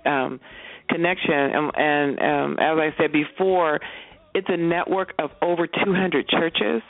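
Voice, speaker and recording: A woman's voice: deep voice, fairly even intonation, measured pace, no echo. A woman guest on a call-in show, speaking earnestly and fervently and often restarting her sentences. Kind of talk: casual call-in interview. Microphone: phone. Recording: tinny phone line.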